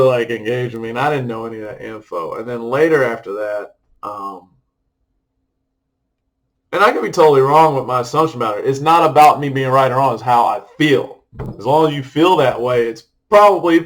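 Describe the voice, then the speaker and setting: A middle-aged male vlogger talks casually to camera in a mid-range voice, captured on poor audio. His personal vlog rambles loosely, full of fillers and restarts.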